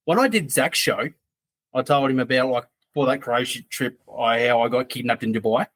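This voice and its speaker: A man's voice: medium pitch, normal speed, a bit bright. Rambling man telling a story. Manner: rambling, loose, full of "like" asides. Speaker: podcast guest. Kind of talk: casual storytelling.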